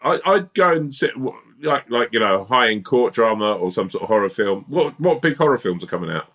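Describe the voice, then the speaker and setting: A man's voice: mid-range voice, expressive, a little fast, fairly bright tone. A man co-hosting a podcast, telling stories in a casual chat. He laughs often and acts out bits of dialogue. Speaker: podcast co-host.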